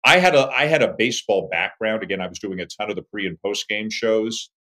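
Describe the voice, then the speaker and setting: A man in his fifties, a sportscaster, telling stories about his career as an animated interview guest. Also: brisk. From Toronto, Canada. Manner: animated storyteller, lively swings in pitch and volume. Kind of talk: conversational interview storytelling.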